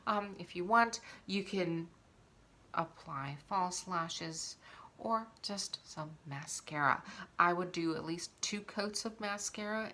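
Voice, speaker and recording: A woman chatting casually through a makeup tutorial at home, talking while she applies it. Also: lowish voice. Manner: chatty, relaxed, talks while applying makeup.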